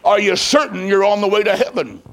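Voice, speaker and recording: A man's voice: high voice, fairly quick, a bit bright. A man preacher voicing a pastor who talks straight to a dying man, direct and earnest. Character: blunt caring pastor at a deathbed.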